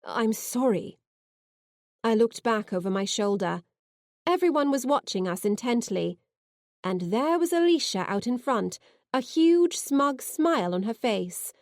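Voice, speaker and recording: A woman narrating a science fiction novel in the first person, expressive and heartfelt. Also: on the high side, unhurried, dry recording, clean studio sound. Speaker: audiobook narrator.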